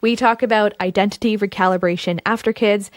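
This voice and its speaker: A woman's voice: medium pitch, fairly even intonation, fairly quick, no echo, clean studio sound. A woman hosting a podcast, introducing the episode in a chatty, enthusiastic way with casual asides. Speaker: podcast host.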